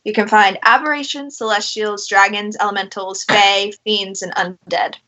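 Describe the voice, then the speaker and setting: A woman's voice: mid-range voice, steady tone, moderate pace, sharp tone. A woman narrating a tabletop game as game master, patiently explaining the rules.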